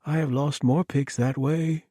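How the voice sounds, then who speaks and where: A man's voice: fairly high pitch, fairly even intonation, a little slow, mellow, dry recording, studio quality, pitched above the performer's own voice. A man voicing a cheerful, polite, remorseless male murderer who sounds oddly reasonable, in an audiobook. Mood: cheerfully apologetic. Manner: chirpy, apologetic, oddly reasonable. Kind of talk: audiobook character voice.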